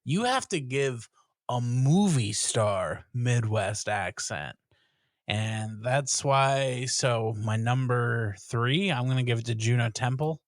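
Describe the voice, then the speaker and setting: A man's voice: medium pitch, takes it slowly, no echo. Joking podcast co-host man, dry sound. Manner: deadpan, joking, rambling with fillers. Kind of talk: casual chat.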